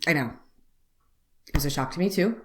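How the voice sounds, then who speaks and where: This young woman, a beauty vlogger, has a low-sitting voice and talks a little fast. She tells a story straight to camera, wry and lively, voicing each side of the conversation herself.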